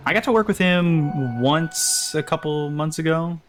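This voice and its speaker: A man's voice: on the high side, a little slow, soft background music. A man co-casting an esports match live, chatting casually and telling stories. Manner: storytelling, animated when recounting. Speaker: esports co-caster. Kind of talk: casual live commentary chat.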